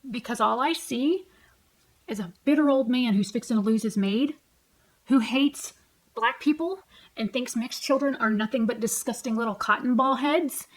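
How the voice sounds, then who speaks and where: Sitting on a tall stool at home, a vlogger in her forties with a fairly high voice launches into an angry personal rant. She is blunt, heated, and heavily profane, replaying arguments line by line with quoted back-and-forth, and the audio quality is poor.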